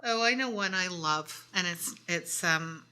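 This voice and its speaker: A woman's voice: lowish voice, unhurried, bright, forceful tone, clear, resonant tone. A middle-aged woman, co-hosting a casual chat and reminiscing in an enthusiastic, playful way. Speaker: co-host. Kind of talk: casual chat while doing makeup.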